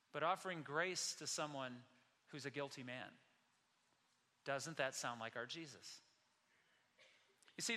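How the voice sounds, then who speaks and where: A male pastor preaches with a bright, ringing, tense tone and a slightly high voice. He delivers the sermon earnestly, asks the congregation rhetorical questions and slows down to press a point. His voice carries a long reverb from a large hall.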